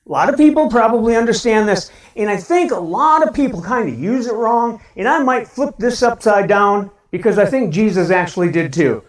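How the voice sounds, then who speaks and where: Animated Midwestern pastor in an echoey church. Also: male voice, high voice. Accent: Midwestern American. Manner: animated, shouts a cheerful greeting, talks to the congregation with questions. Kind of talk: lively sermon. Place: church sanctuary. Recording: roomy church sound from a distance.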